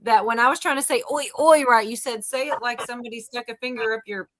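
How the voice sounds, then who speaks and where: A woman's voice: fairly high pitch, fairly even intonation, fast talker, fairly bright tone, no room sound. A woman hosting a casual livestream chat, playful and laughing often. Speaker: livestream host.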